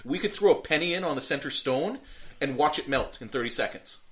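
Rambling, fairly high-voiced male storyteller. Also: animated, fairly quick, a bit bright. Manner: rambling, many fillers and restarts, swears. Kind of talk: casual storytelling.

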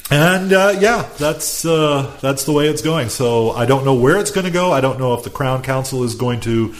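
A man telling a story in casual chat, animated, acting out quotes and laughing often. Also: medium pitch, normal speed.

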